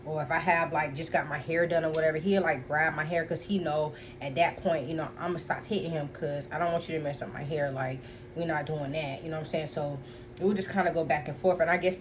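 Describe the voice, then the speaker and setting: A woman's voice: low-pitched, noisy background. A young woman casually telling a personal story to her viewers, chatty and blunt, full of fillers and swearing. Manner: blunt and profane. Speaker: storytime vlogger.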